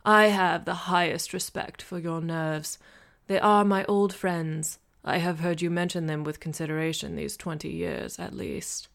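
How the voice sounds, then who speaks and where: A low, rumbling old gentleman, played by a woman narrator, answers in a slow, dry, unhurried way. His voice has a gravelly texture. He teases calmly in an audiobook scene. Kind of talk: audiobook character voice.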